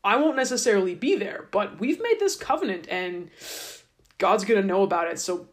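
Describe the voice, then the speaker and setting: A woman's voice: medium pitch, animated, normal speed, close to an everyday voice. A woman voicing an indignant old father who whines and accuses, in a casual retelling. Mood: warning.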